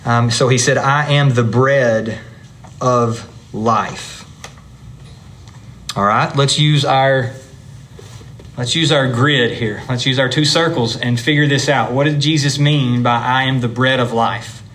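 A man's voice: mid-range voice, fairly even intonation, slow pace, a bit bright. A man leads a Bible lesson in a church classroom, talking to his class in an easy, conversational way. His voice sits in a middle range, and there is a faint hum of room ambience behind him. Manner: conversational, explains step by step, chatty with the class.

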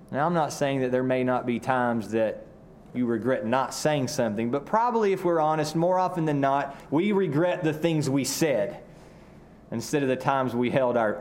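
A man from Arkansas with a Southern drawl, preaching a sermon earnestly, often repeating words and slowing down for emphasis. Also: medium pitch, a little mellow, slight background noise. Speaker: pastor.

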